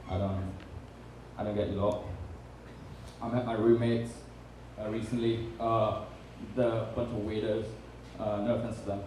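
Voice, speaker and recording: A young man with a British accent delivers stand-up in a mellow, darker tone, dry and self-deprecating with many ums. He sounds distant from the mic in a very echoey room, with faint background noise. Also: fairly low pitch, big pitch swings, slow pace, pauses often. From Britain. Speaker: stand-up comedian. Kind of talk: stand-up comedy set. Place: comedy bar stage.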